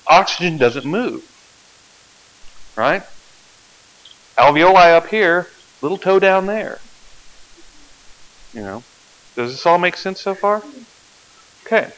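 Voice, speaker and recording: Guy lecturing biology in a classroom, kinda high voice, keeps asking if it makes sense, muffled old recording. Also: a bit bright. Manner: explains step by step, keeps checking the class follows. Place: lecture hall.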